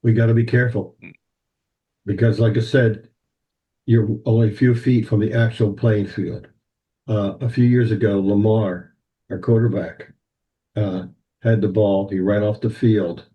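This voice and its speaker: An older man, a guest on a podcast, recalling old times in an animated, anecdotal way. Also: on the low side, measured pace, pauses often, lo-fi sound. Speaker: band president, guest. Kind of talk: podcast interview, storytelling.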